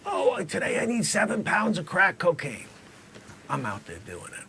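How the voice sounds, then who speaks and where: A man's voice: high-pitched, huge pitch swings, moderate pace, creaky, pushed and bright, slight background noise, exaggerated voice. A man voicing a tough, middle-aged male drug dealer in an improvised comedy sketch, cocky and muttering threats. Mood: boastful. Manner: cocky, menacing, drops to mutters.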